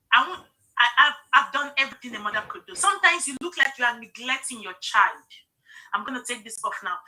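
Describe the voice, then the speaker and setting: Bright-voiced woman live-streaming. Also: sits high, rough recording. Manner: earnest, keeps checking in with "okay?"; emotional, personal storytelling. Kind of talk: casual live-stream sales talk.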